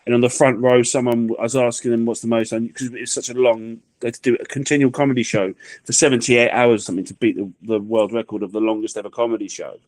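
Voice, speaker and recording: A man rattles through comic anecdotes at a quick clip, acting out the quotes along the way. The sound is close and dry, with no room around it. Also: medium pitch, no echo. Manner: animated anecdote-telling with acted-out quotes. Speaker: comedian guest. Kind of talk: casual chat, storytelling.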